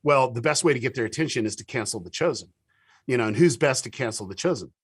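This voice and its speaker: A man of middling pitch chats as an interview guest. He spins anecdotes eagerly, stumbles over restarts and acts out what other people said. The sound is dry and close, with no room echo. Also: quick pace, husky. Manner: animated storyteller with many restarts and quoted dialogue. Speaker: guest, TV show producer. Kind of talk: casual interview talk.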